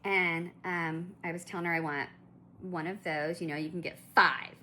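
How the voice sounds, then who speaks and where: Bright-voiced woman ranting through a story. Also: lowish voice, fairly even intonation, moderate pace. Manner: chatty and indignant, with restarts and asides. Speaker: collector vlogger.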